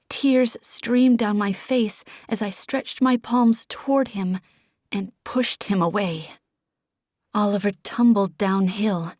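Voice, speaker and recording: A woman narrating a fantasy audiobook in the first person, with emotional, expressive storytelling. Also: mid-range voice, no room sound, clean studio sound.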